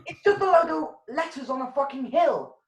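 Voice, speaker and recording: A woman's voice: high voice, expressive, brisk. Sweary woman ranting on a video call. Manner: sweary, ranting, laughs at own jokes. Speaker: comedy show MC. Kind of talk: casual rambling stand-up hosting. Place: home room on a video call. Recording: roomy home video-call audio.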